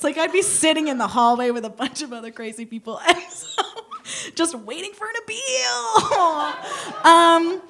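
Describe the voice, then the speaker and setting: Animated woman doing stand-up. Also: high-pitched. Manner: animated, laughs at her own jokes, acts out shouted quotes. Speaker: stand-up comedian. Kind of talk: stand-up comedy set. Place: theater stage.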